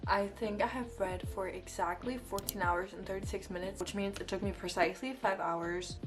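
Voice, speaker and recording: An eighteen-year-old woman from Denmark chats to her camera about reading, her talk loose and full of fillers and restarts. Her voice sits at an ordinary middle pitch for a woman. Soft music plays faintly behind her. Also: brisk, hardly any pauses. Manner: chatty, rambling with many likes and restarts. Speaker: book vlogger. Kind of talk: casual vlog chat.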